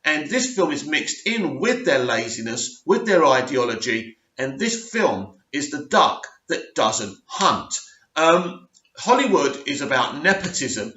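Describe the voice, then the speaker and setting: A man's voice: on the high side, sing-song, unhurried, pushed and bright, echoey room, lo-fi sound. A middle-aged man giving a blunt, emphatic film review rant, stressing points and often asking "right?". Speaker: movie review vlogger.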